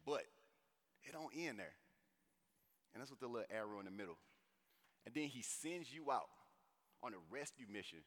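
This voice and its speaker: A man preaching a sermon in an animated, conversational way with slang. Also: medium pitch. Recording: long hall reverb.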